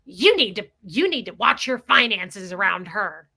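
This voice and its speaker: A woman's voice: medium pitch, sing-song, a little slow, creaky, bright, forceful tone, slightly rough, heavily acted. Woman mimicking a bossy, scolding female assistant. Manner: curt, scolding. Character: bossy controlling middle-aged female assistant.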